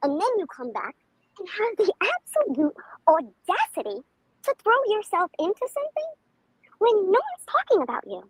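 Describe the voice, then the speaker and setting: Brief: angry, profane livestream woman, twang, shrill and swooping. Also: huge pitch swings, moderate pace, dry recording, rough recording. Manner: profane, heated, confrontational. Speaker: livestream commentator.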